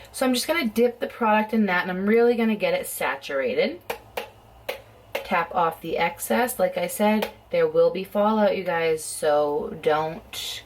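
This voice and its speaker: A woman chatting casually at home as she does a makeup tutorial, talking in a rambling way full of "like" and "um". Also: mid-range voice. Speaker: beauty vlogger.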